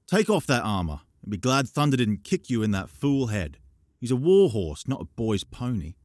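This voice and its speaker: A man voicing a young knight who tries to sound stern, scolding loudly in an audiobook. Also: medium pitch, big pitch swings, moderate pace, no room sound, studio quality, voice pushed up, lightly acted.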